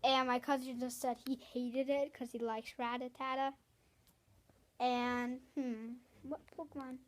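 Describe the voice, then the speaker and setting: A woman's voice: high voice, level tone, measured pace. A woman hosting a casual video, rambling and chatty with apologetic asides. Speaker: video host. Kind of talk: casual vlog chat.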